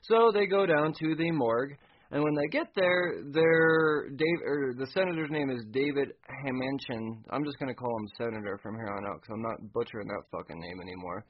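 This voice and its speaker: At an ordinary middle pitch and normal speed, a man loosely recaps a comic book chapter in a casual, profane chat, laughing at bits as he goes. The recording sounds dull and lo-fi.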